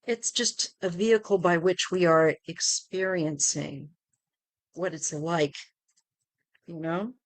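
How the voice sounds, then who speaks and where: A middle-aged woman hosting a live tarot stream, chatting gently and rambling with many fillers. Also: on the low side, fairly even intonation, slow, pauses often, dry recording. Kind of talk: casual live-stream chat.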